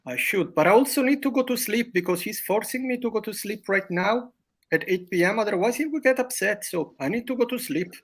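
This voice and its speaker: A man's voice: high voice, expressive, fairly quick. A man putting on a mock Australian accent, playing a put-upon son who tacks "mate" onto his lines. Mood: pleading. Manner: ends lines with "mate", pleading.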